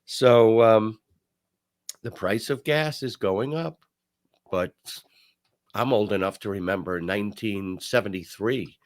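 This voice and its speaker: An older man hosting a talk show, telling stories and giving commentary in an emphatic, animated way. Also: lowish voice, takes it slowly, pauses often. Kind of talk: casual commentary.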